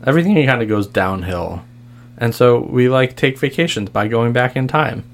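A man's voice: mid-range voice, animated, moderate pace, lightly acted. Guy voicing a blunt gun-happy time traveler lady, talks casual, swears, tabletop rp. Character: brash adult female time traveler, trigger-happy. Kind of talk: improvised tabletop role-play.

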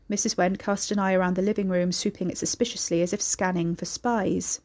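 A woman reading a story aloud as narrator, in a steady, measured storytelling manner. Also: fairly low pitch. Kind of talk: scripted narration.

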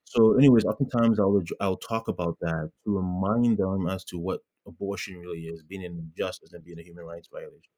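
A man's voice: deep voice, steady tone, fairly quick, dark tone. A man from Ghana, a guest in an interview, talking earnestly with lots of fillers and restarts. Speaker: guest, pro-life blogger. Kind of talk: casual interview talk.

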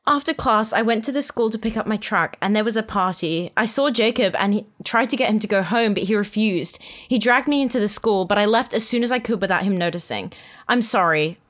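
A woman's voice: mid-range voice, a little fast, fairly bright tone. A young woman and podcast co-host reading a fan fiction aloud in the first person, dramatic, with amused asides in the chat. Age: young adult.

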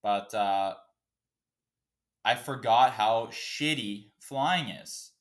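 A man's voice: on the low side, very slow, a bit bright. Profane, fired-up man hosting a podcast. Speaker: podcast host. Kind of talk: casual solo podcast rant.

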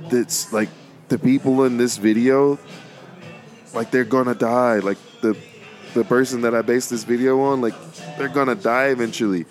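A man's voice: mid-range voice, fairly even intonation, moderate pace, soft background music. A young man talking casually about faith and his life as a podcast host, rambling and repeating words, with plenty of informal slang. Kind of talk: casual faith-based monologue.

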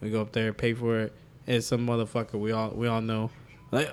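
A man's voice: mid-range voice, normal speed, darkish tone, clear, resonant tone. Young man telling a rambling story. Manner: rambling storytelling, heavy swearing, frequent laughter. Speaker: podcast co-host. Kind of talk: casual chat among friends.

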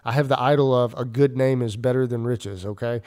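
A man's voice: mid-range voice, fairly even intonation, fairly quick, darkish tone, clear, resonant tone. A man, a ministry leader, preaching in an earnest, conversational way with many fillers and restarts. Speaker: ministry leader and podcast host. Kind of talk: casual preaching.

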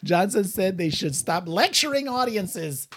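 A man's voice: high-pitched, very animated, unhurried, a bit bright, a little hiss or hum. A man hosting a casual show, rambling and laughing often as he chats. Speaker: radio show host. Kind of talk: casual chat.

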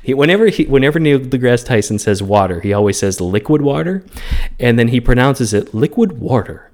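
Rambling, laughing podcast co-host. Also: male voice, medium pitch, fast talker, a little mellow. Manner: rambling, laughs often, restarts sentences. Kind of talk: casual movie discussion.

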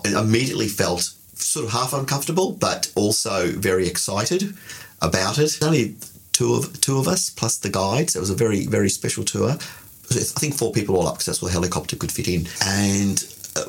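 A man co-hosting a podcast, telling a travel story in an animated, digressive way and laughing often. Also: fairly low pitch, a little fast, slightly rough. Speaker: podcast co-host. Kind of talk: casual storytelling chat.

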